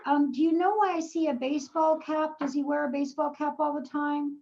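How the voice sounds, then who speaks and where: A woman's voice: high-pitched, steady tone, a little fast, a little mellow, lo-fi sound. A woman psychic medium giving a live reading, asking probing questions and calling the sitter darling and sweetheart.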